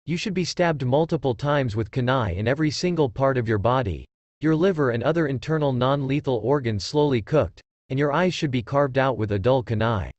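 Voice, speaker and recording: A man's voice: mid-range voice, a little fast, darkish tone, dry recording, lo-fi sound, close to an everyday voice. A man reading the lines of a scheming, taunting male ninja teacher in a fan story. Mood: vicious. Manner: taunting, threatening.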